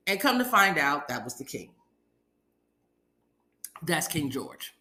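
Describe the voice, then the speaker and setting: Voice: mid-range voice, big pitch swings, takes it slowly, long pauses, sharp tone, reverberant. A podcast host giving a casual episode recap, retelling scenes in a chatty way and acting out quotes from the characters.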